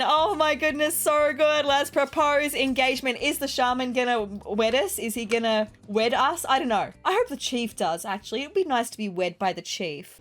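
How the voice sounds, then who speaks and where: A woman YouTuber giving excitable, giggly commentary while playing a life-simulation game. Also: high-pitched, moderate pace, hardly any pauses. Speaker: gaming YouTuber. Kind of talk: let's play commentary.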